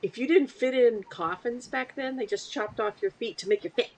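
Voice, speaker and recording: A woman co-hosting a livestreamed chat, quick to jump in with her own facts and corrections. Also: a little high. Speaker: podcast co-host.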